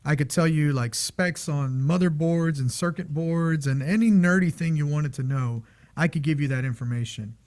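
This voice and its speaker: Male podcast co-host, slightly higher pitch, chatty and animated, casual delivery. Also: normal speed. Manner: animated, storytelling with many fillers. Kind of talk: casual chat.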